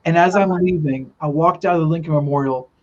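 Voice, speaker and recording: A man's voice: on the high side, brisk. A man earnestly telling a long spiritual story in casual podcast talk, rambling with many restarts. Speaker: guest telling a spiritual vision. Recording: dull lo-fi sound.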